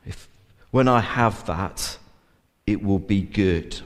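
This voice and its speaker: A man's voice: deep voice, slow. A man preaching a sermon in an earnest way, with many fillers and restarts. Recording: long church reverb.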